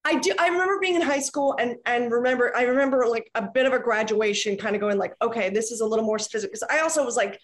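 A woman's voice: fairly high pitch, fast talker, few pauses. A middle-aged woman, a podcast guest, chatting casually and rambling with many restarts and fillers. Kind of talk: casual chat.

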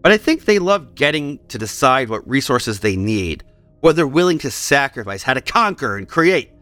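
A man's voice: medium pitch, very animated, normal speed, sharp tone, no echo, soft background music. A man hosting a history podcast, reading scripted narration and breaking off for playful personal asides.

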